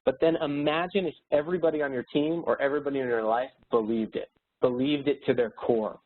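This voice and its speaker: Male webinar speaker, mid-pitched, earnest upbeat coaching delivery; narrow lo-fi audio. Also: fairly even intonation, brisk, husky. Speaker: speaker and educator. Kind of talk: motivational webinar presentation. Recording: tinny phone-like webinar audio.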